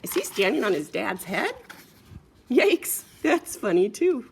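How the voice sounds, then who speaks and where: A woman reading a children's picture book aloud in an animated, sing-song, playful way. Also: medium pitch, a little slow, vocal fry, slight background noise. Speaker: story reader.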